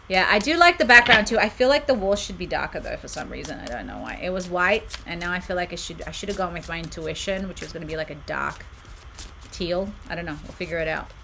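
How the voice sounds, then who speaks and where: A woman's voice: lowish voice, expressive, fairly quick, creaky, background noise. A woman hosting a casual livestream card reading from a room at home, chatting with viewers, reading out their comments and giggling often. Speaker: oracle card reader and channel host. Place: home room with her books on shelves behind.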